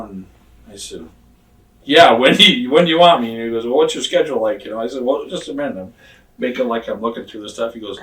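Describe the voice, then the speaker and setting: An older man in his sixties tells stories in a casual interview, blunt and profane, and acts out the other people's lines as he goes. His voice sits at an ordinary mid pitch. The room sounds roomy and the mic is set some way off from him. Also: expressive, brisk, fairly bright tone, recorded from a distance. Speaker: retired pro wrestler telling stories. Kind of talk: casual shoot interview storytelling.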